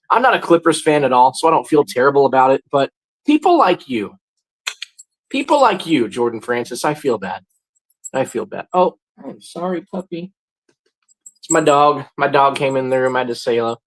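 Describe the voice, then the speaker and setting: A man in his forties hosting a casual livestream, greeting viewers and chatting about sports, often jumping into loud, high bursts. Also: rough recording. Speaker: livestream host.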